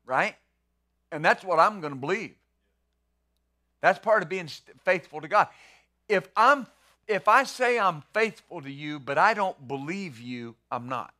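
A man's voice: high voice, pushed and bright. A middle-aged man pastor preaching a sermon in a conversational way, full of rhetorical questions and repeated words.

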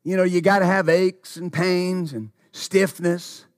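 A man preaching a sermon who repeats his phrases, asks the congregation questions and calls out hallelujah, stumbling over words when excited. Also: high voice, a little slow, no echo, studio quality.

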